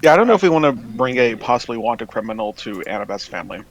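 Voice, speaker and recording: A man's voice: medium pitch, big pitch swings, fast talker, rough recording. A man playing at a tabletop game, chatting in an easygoing, jokey way. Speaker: player. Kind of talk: casual chat at a game table.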